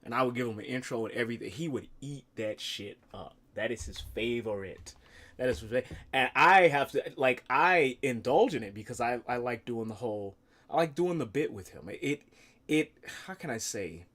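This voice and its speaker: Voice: mid-range voice, animated, normal speed, a bit bright. A streamer chatting casually on a live stream, rambling and swearing playfully.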